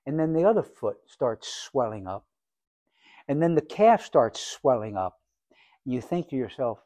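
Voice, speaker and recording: A man's voice: mid-range voice, sing-song, unhurried, dry recording. Preaching man with a dry, close sound. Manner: rhetorical questions, acts out little scenes, swings from quiet to loud. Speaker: pastor. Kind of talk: sermon. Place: church sanctuary.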